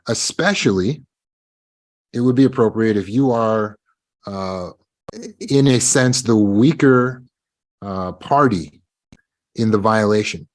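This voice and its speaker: Slow and low-pitched, this man leaves long pauses as he delivers a self-help lecture over a live online meeting. He addresses his students head-on with emphasis and performs the quoted lines of the people he describes.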